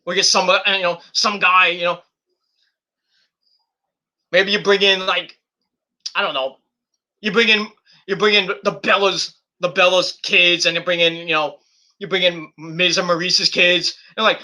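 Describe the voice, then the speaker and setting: A man's voice: high-pitched, fairly even intonation, a little slow, long pauses, bright, forceful tone. A middle-aged man hosting a livestream, ranting casually and profanely with sarcastic mock quotes. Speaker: streamer host.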